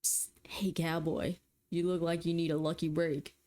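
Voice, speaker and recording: A woman voicing a thin, creepy elderly man with a put-on Southern drawl, slow and wheedling. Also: sits low, little pitch movement, dark tone, close to an everyday voice. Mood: coaxing.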